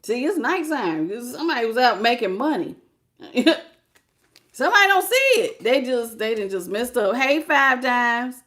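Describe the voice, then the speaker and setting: A woman tarot reader with a fairly high voice does a live reading at normal speed. She's lively, slangy, and casual, laughing often and greeting viewers by name as she goes.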